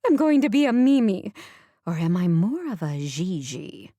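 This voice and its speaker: A woman voicing an older mother and boss who talks in a formal, commanding way and gushes when excited, in a dry recording. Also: fairly low pitch, a little slow, no echo. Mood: thrilled.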